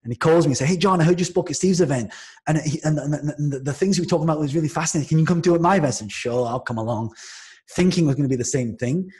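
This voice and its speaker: Animated man from Manchester, slightly high voice. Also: racing. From Manchester, England. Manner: lively, with frequent restarts and acted-out quotes. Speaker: podcast guest, entrepreneur. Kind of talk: animated storytelling in casual conversation.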